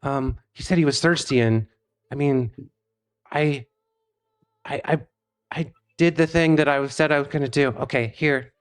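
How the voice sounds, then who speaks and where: A man's voice: a little high, measured pace, long pauses, clean tone, voice pushed up, close to an everyday voice. A man doing a stammering, flustered young boy. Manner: stuttering, flustered.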